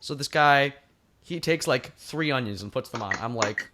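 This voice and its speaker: Young male co-host, casual podcast rant, acts out both sides of dialogue, mid pitch. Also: normal speed, crowd noise. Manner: ranting, acts out customer exchanges.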